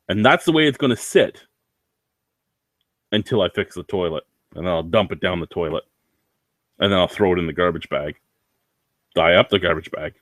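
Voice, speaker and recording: Profane rambling man, low voice. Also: fairly bright tone, no echo. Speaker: vlogger. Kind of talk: casual rambling vlog rant.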